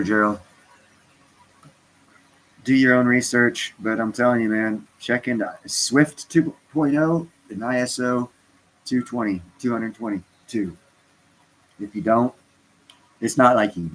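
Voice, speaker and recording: A man's voice: mid-range voice, unhurried, long pauses, fairly bright tone, low-quality recording. A stoned man chatting casually on a livestream, rambling and interrupting himself as he talks to his viewers. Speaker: crypto vlogger.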